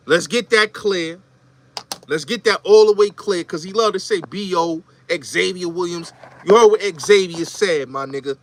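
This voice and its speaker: A middle-aged Bronx man with a New York accent hosts a show and rants in a heated commentary monologue, emphatic and repetitive. His voice sits high with a fairly bright tone, and there's no room sound.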